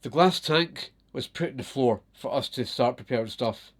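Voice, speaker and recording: A Scottish vlogger chats to camera, telling stories in a loose, rambling way at a moderate pace and mid-range pitch. He is animated, laughs often and swears freely.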